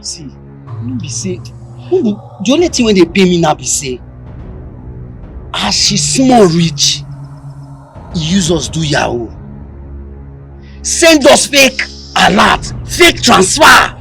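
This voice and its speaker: A gravelly, lamenting scam victim. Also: female voice, mid-range voice, big pitch swings, slow, pauses often, a bit bright, faint music behind, full character voice. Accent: Nigerian Pidgin. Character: aggrieved scam victim woman.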